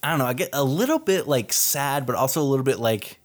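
A man's voice: medium pitch, expressive, quick pace. A young man from Texas co-hosting a podcast, chatting casually about a film with many fillers and frequent laughs. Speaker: podcast co-host.

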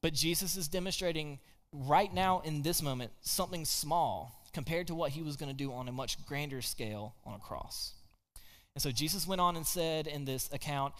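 A man giving a casual, conversational sermon, telling a Bible story and dropping his voice low at key points. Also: animated, normal speed, big-room sound. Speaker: preacher.

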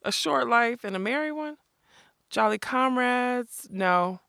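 A woman's voice: on the high side, lively intonation, slow, creaky, dry recording, clean studio sound, pitched above the performer's own voice, heavily acted. A woman doing a blustering outlaw giant. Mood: exasperated. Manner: blustering, shouting. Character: gruff bellowing male outlaw giant.

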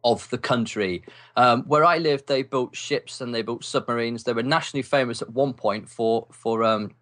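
An English man, a writer and podcast guest, telling wry stories from his youth in a relaxed interview, with lots of ums. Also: mid-range voice, moderate pace. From England. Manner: animated, wry storyteller with many ums and laughs. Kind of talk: casual storytelling interview.

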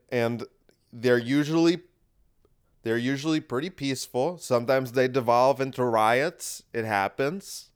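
Wry rambling man with a smooth voice. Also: mid-range voice. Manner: wry, rambling, repeats himself. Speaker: podcast host. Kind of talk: casual monologue.

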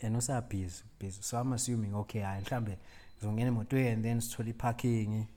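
A man's voice: lowish voice, fast talker. A young man with a South African accent, switching between Zulu and English as he tells a story in casual chat, laughing now and then. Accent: South African, mixing Zulu and English. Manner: animated storyteller, laughs mid-story, drops voice for quoted lines.

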